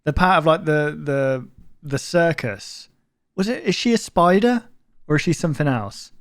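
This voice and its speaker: A man's voice: fairly high pitch, expressive, normal speed. A man giving casual let's-play commentary, rambling and reacting aloud while joking about what he sees. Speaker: gaming YouTuber. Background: game audio and music.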